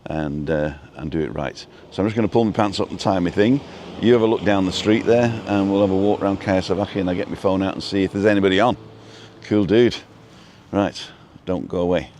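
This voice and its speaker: A man with a deep, slightly mellow voice hosts a live stream as a vlogger, walking down a street outdoors and talking into a phone on a selfie stick. He speaks briskly, rambling casually and greeting viewers by name, with a little hiss or hum in the audio.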